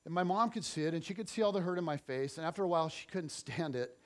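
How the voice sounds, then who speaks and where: A middle-aged man preaching a church sermon and telling a personal story, swinging between loud and soft. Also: a little high, lively intonation, fast talker. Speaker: pastor.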